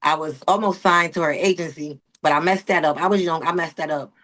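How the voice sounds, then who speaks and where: Animated Delaware woman telling stories. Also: low voice, a little fast. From Wilmington, Delaware. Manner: animated storytelling, slangy, rising emphasis. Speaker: guest, model and confidence coach. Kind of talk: casual interview chat.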